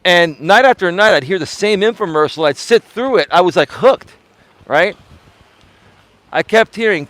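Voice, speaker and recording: A middle-aged man in a live-stream talk, speaking as a life coach with a fairly high voice. He leans hard on his words and swings between highs and lows. The sound is close and dry. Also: lively intonation, normal speed, fairly bright tone, no echo.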